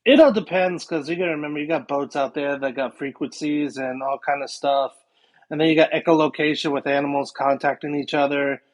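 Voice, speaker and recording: A man's voice: fairly high pitch, fairly even intonation, a little fast. A man, a guest paranormal investigator, chatting casually on a podcast and rambling with many fillers.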